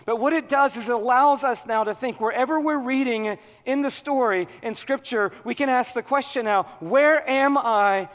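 A man preaching a sermon, animated and humorous, working up to loud, excited preaching. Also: very high-pitched, normal speed, hardly any pauses, big-room sound. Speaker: pastor.

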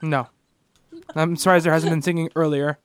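A man's voice: on the high side, level tone, moderate pace. A man co-hosting a casual comic book podcast, rambling through his points with many restarts. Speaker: podcast co-host.

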